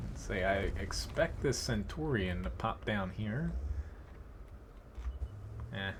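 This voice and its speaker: A man's voice: fairly low pitch, lively intonation, slow pace, slight background noise. A man casually commentating his own live gameplay and chatting to viewers, thinking aloud with fillers and short chuckles. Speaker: game streamer.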